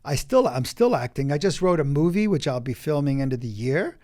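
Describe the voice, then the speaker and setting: Man, acting coach guest, emphatic, animated storytelling, quick bursts, somewhat high voice.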